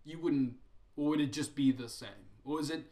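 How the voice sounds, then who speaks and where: A man's voice: a little high, fairly even intonation, moderate pace, warm tone, echoey room. A man talking casually on a podcast, loose and profane, rambling with restarts and fillers. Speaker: podcast host.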